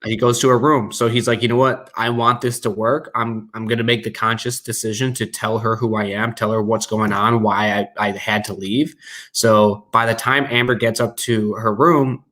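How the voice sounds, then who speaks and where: A man's voice: lowish voice, fairly even intonation, moderate pace, a bit bright. A man co-hosting a casual podcast, recapping a show in blunt, profane and emphatic talk. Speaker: podcast co-host.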